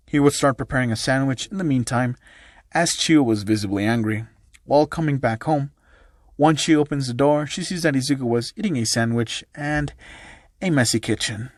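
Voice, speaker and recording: A man's voice: mid-range voice, animated, normal speed, no echo, studio quality. A man narrating an amateur fan story in a plain storytelling way, reading every part himself.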